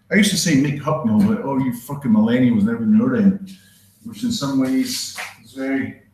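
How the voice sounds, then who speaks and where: A man with a Glaswegian Scottish accent tinged with Canadian, doing a stand-up comedy set in a dry, deadpan, self-deprecating way. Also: medium pitch. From Scotland. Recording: roomy echo.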